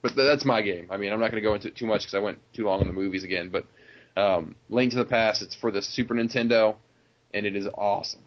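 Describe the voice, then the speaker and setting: A man with a fairly low voice hosts a loose, casual conversation. He rambles and chuckles often, and he fills his pauses with ums and restarts. The recording sounds a little dull and lo-fi. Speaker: podcast host. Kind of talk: casual chat.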